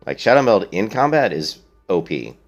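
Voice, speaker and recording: A man's voice: low-pitched, very animated, moderate pace, muffled recording, soft background music. A man streaming a video game, chatting casually with viewers and answering their questions in a blunt, opinionated way. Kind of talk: casual let's-play commentary.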